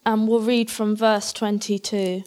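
A woman's voice: medium pitch, flat delivery, unhurried. Woman reading scripture with asides. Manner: reads scripture aloud, breaks off for warm personal asides. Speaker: preacher. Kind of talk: Bible reading with commentary.

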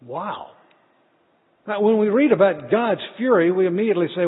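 A middle-aged man delivers an earnest sermon in a fairly high, husky voice, stumbling over a word now and then as he tells a story. The sound is thin and phone-like, with a long reverb trailing behind him. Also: expressive, moderate pace. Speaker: pastor.

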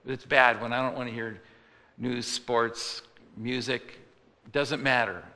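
A man's voice: medium pitch, steady tone, slow, pushed and bright. A male pastor preaching a sermon in a conversational style, acting out the voices of people he quotes. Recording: long hall reverb.

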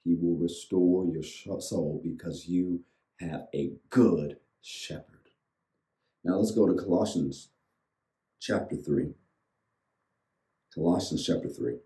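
A man's voice: sits low, slow pace, long pauses, dark tone, roomy sound, poor audio. A man pastor preaching a sermon to an online audience, leading them in reciting lines with rhythmic repetition. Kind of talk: sermon with call-and-response.

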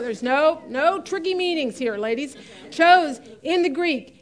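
A woman's voice: sits high, fairly bright tone. A middle-aged woman teaching a women's Bible study class in a chatty way, often laughing and stressing key words.

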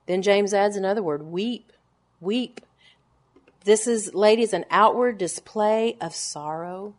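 A woman in her forties teaching the Bible to a room of women. She preaches with wide swings, punching single words loudly and then sinking to quiet, grave lines, all in a mid-pitched voice. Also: slow pace. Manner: emphatic preaching, swings from loud declarations to hushed low lines. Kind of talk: sermon to a women's gathering.

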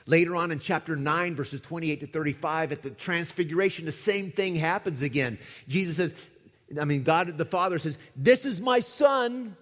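A man preaching a sermon with dramatic emphasis, swinging from loud declarations to hushed lines. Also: a little high, brisk. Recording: echoey hall with long reverb.

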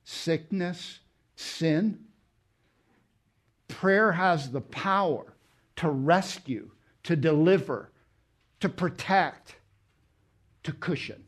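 A man preaching a sermon, emphatic, with rhetorical questions and loud stressed words. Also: a little high, very slow, long pauses. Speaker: pastor. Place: church.

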